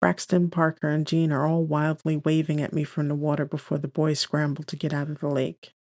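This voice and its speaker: A woman's voice: low voice, flat delivery, brisk, a little mellow, no echo, studio quality. A woman narrating a first-person romance audiobook in a wry, dreamy inner-monologue manner.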